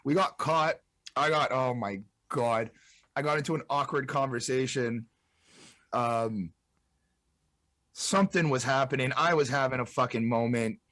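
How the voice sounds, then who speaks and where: A man's voice: medium pitch, unhurried, pauses often, fairly bright tone, no echo. A young man from Montreal's South Shore, telling a rambling, profane party story as an interview guest. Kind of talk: casual storytelling.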